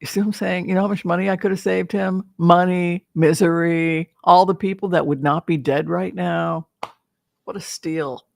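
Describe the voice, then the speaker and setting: A woman's voice: lowish voice, steady tone, normal speed, gravelly, dry recording, studio quality. A woman tarot reader talking in a casual, rambling, playful way, often breaking into laughter.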